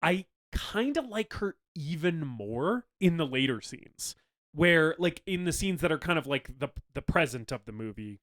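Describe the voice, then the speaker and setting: A man's voice: a little high, sing-song, moderate pace, fairly bright tone. A man co-hosting a casual film podcast, retelling scenes with a lot of laughter, acting out characters' lines and swearing casually. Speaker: podcast co-host. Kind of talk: casual film-discussion chat.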